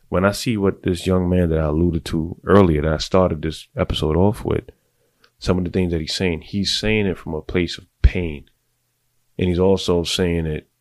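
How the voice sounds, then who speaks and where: A deep-voiced middle-aged man hosting a podcast, giving blunt, profane, confessional advice to other men in a casual monologue. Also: a little mellow, no room sound. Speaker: podcast host.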